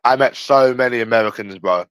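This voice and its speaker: A man's voice: medium pitch, fairly quick, fairly bright tone, smooth, no room sound, rough recording. A man ranting casually on a livestream, blunt and profane, talking straight to a viewer in chat. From England. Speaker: livestream host.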